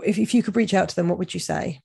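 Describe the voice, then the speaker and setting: A woman hosting a podcast, with a croaky voice, interviewing a guest and then signing off with enthusiastic praise. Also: on the low side, quick pace, a little mellow. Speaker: podcast host.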